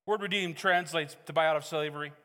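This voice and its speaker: High-voiced pastor in a reverberant hall. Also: male voice, fast talker, bright, forceful tone. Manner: conversational, joking preacher. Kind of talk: sermon. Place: church hall.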